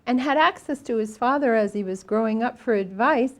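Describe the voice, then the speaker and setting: Older female Buddhist teacher, slightly high voice, anecdotal dharma talk, halting with fillers. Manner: storytelling, with frequent fillers and restarts.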